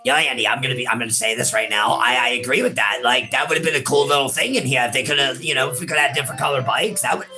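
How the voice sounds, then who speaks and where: Bright-voiced teasing gamer guy. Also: medium pitch, fast talker, few pauses, faint music behind. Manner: teasing, profane, keeps saying the other host's name. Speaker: co-host playing the game. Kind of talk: casual let's-play banter.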